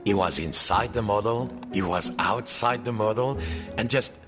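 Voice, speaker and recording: Deep-voiced man narrating a storybook tale. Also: normal speed. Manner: playful, theatrical storyteller with French exclamations. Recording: game audio with music behind.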